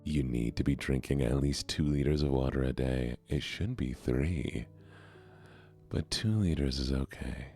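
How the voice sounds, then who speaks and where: A man who is feeling sick, soft-spoken and gentle while hosting a gaming stream. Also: a bass voice, a little slow, gravelly, faint music behind.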